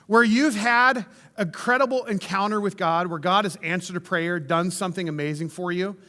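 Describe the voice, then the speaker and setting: A man's voice: high-pitched, bright, forceful tone, long reverb tail. A male pastor giving a sermon in a church, telling the story in an enthusiastic, conversational way with casual asides. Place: church sanctuary.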